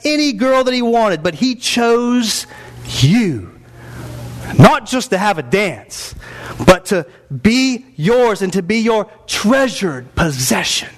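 Pastor, male, thirties, higher-pitched voice, emphatic sermon delivery, faint background noise. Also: very animated, slow pace. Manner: preaching with rising emphatic bursts, reading scripture aloud. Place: church sanctuary.

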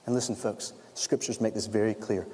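A man preaching a sermon as a pastor, telling the story in an animated way and acting out the scenes. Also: fairly low pitch, brisk. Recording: long hall reverb.

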